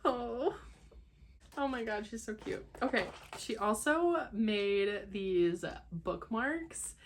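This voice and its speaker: A young woman vlogging as she unboxes books, gushing and excitable, at times dropping to a hushed whisper. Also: mid-range voice, takes it slowly, a little hiss or hum. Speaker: book vlogger. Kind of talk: casual unboxing vlog.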